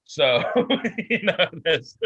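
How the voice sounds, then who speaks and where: Slow, hesitant man on a dull line. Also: fairly high pitch, sing-song, crowd noise. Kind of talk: casual chat. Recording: dry, dull lo-fi sound.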